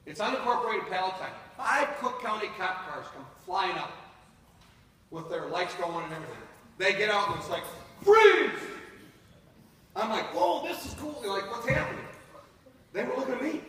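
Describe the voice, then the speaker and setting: A man in his fifties from North Dakota, telling a personal story live to an audience in an animated way, speaking to them directly. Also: high-pitched, brisk. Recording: echoey hall from far off.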